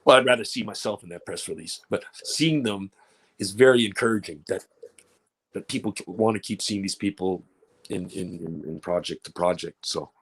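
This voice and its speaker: A man's voice: low-pitched, moderate pace, breathy edge. A man speaking as an actor on a panel, candid and joking, with frequent restarts. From Canada. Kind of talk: panel discussion.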